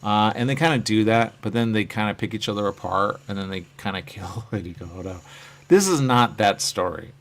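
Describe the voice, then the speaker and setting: Hosting a live stream, a man rambles casually about his comic covers and answers viewer comments, his phrases often trailing off quietly. His lowish voice stays fairly even and moves quickly with hardly any pauses.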